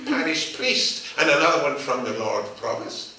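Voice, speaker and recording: A blunt, low-voiced dog owner, as a man puts him on in a storybook tale. He is matter-of-fact, and the voice is heard from a distance in a reverberant room. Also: normal speed, pushed and bright, slight background noise. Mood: gruff. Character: gruff older man who owns foxhounds. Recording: echoey room, mic far off.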